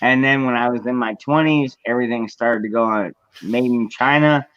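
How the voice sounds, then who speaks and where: A man's voice: medium pitch, moderate pace, fairly bright tone, clean tone, no room sound. A man hosting a casual livestream chat, blunt and profane, greeting viewers as they join. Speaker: livestream host. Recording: dull lo-fi dry mic.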